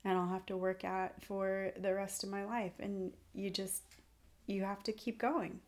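A woman's voice: medium pitch, level tone, a little slow, a little mellow. A woman in her thirties, a podcast guest, talking earnestly about faith in a rambling, storytelling way full of restarts. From California.

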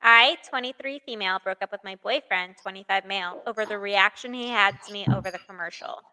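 A woman's voice: medium pitch, a little fast, pushed and bright, clear, resonant tone, low-quality recording. A young woman in her twenties co-hosting a podcast in casual chat, reading stories aloud and laughing easily. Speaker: podcast co-host.

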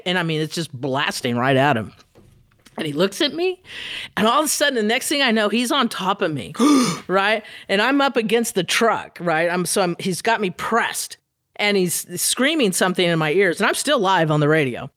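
A woman radio DJ telling an animated, profane anecdote as a guest, laughing as she goes. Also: on the low side, moderate pace, dry recording, clean studio sound. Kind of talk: storytelling anecdote.

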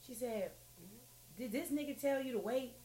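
A woman's voice: high voice, moderate pace, warm tone. A woman co-hosting a casual podcast, telling a wild story with lots of profanity and acted-out quotes. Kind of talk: casual chat.

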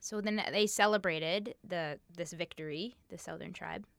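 A woman co-hosting a podcast, casually telling a dark history story, swearing and laughing along the way. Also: on the low side, moderate pace, creaky, no echo.

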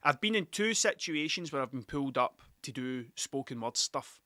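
A man's voice: mid-range voice, lively intonation, normal speed, pushed and bright, no room sound, studio quality. A Scottish man, a musician, telling rambling, sweary stories about gigs in a casual monologue, often laughing at himself.

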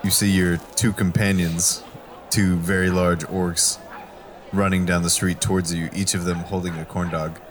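A man with a very low voice narrates a tabletop game as game master, setting the scene in a relaxed way. There is clear noise behind him. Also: normal speed.

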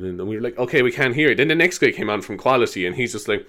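Rambling Irish man with a lively voice. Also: medium pitch, racing, few pauses. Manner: rambling, laughing, slipping into silly voices. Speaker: podcast host. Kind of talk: casual solo monologue.

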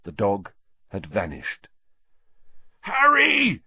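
Male audiobook narrator, animated and dramatic, slightly husky, dry lo-fi sound. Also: mid-range voice, a little slow, dry recording. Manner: dramatic, shifting pace with the action. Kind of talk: storybook audiobook reading.

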